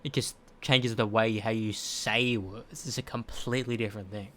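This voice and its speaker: A man's voice: on the low side, fairly even intonation, moderate pace, fairly bright tone. A man streaming, earnestly explaining a point in casual chat. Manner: explains earnestly, full of restarts.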